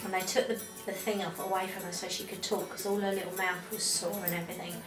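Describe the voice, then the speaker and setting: Woman, animated storyteller, documentary interview, distant echoey recording, music underneath. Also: lowish voice, fast talker. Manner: animated storytelling, acting out others' words. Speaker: interviewed relative.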